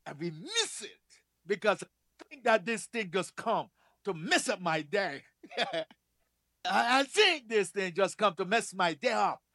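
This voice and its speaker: A man preaching a sermon in a church, emphatic, repeating key phrases and swinging between loud declarations and soft asides. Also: high voice, big pitch swings, measured pace, dry recording, clean studio sound.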